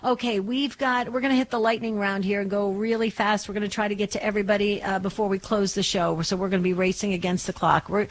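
A woman from New Jersey hosting a call-in radio show, brisk and upbeat as she keeps the calls moving. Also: mid-range voice, steady tone, low-quality recording.

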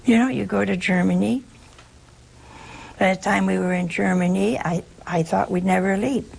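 A woman's voice: medium pitch, normal speed, creaky, darkish tone, slightly rough, low-quality recording. An older American woman, a religious sister, giving a folksy spiritual talk, telling stories and acting out quoted dialogue with a laugh. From United States. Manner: chatty storyteller who acts out quoted dialogue with a laugh.

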